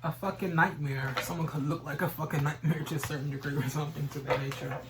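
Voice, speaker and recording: A man's voice: fairly high pitch, fairly even intonation, quick pace, heavy background noise. A man giving a casual tarot reading, rambling and repeating stock phrases, swearing now and then. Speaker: tarot reader.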